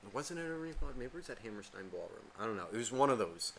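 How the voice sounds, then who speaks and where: Male podcast co-host, bright voice, animated and profane storyteller. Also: lowish voice, rapid-fire, creaky, slight background noise. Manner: animated, swears a lot, acts out quotes.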